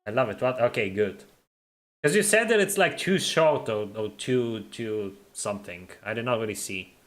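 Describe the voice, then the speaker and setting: A man's voice: mid-range voice, expressive, normal speed, fairly bright tone. A young man chatting casually on a live stream, reading viewer comments, teasing and laughing often, and tripping over and repeating his words.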